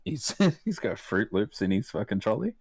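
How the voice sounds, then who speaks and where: Young aussie bloke on a podcast, really low voice, swears a lot, laughs a lot, dry close sound. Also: male voice, sing-song, gravelly, darkish tone, no echo. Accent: Australian. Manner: swears freely, laughs a lot, halting restarts. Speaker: podcast guest, meme page runner. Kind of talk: casual chat.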